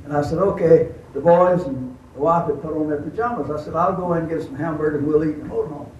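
An older preacher tells a story in a folksy drawl, his voice sitting high for a man. He is heard from a distance in an echoey camp meeting room. The recording is dull and slightly muffled. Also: fast talker, a little mellow, slight background noise. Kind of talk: sermon with storytelling.

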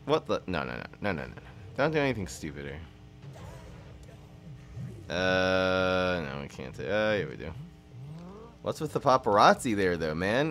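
Streamer, young man, low voice that swings up and down, excitable trash-talk over faint game music. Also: unhurried, long pauses. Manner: excitable, teasing banter with viewers. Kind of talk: casual gameplay commentary. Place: dim room at his parents' home.

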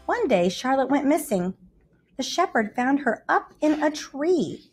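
A woman reading a children's storybook aloud in an expressive, lively way. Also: high voice, unhurried, faint music behind.

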